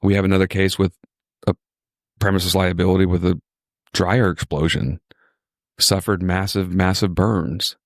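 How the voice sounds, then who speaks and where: Chatty low-voiced man from Virginia. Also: little pitch movement, normal speed, pauses often, dry recording, clean studio sound. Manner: chatty, repetitive, enthusiastic storyteller. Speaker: injury lawyer, podcast host. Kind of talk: casual podcast chat.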